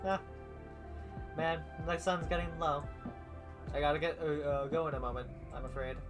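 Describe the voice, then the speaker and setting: A man streams a story game and reads all of its dialogue and narration out loud, pitched a little higher than most men. He stumbles over words from time to time and stops to comment on his own slips. Quiet music from the game plays behind him. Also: steady tone, normal speed. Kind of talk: reading a visual novel aloud on a live stream.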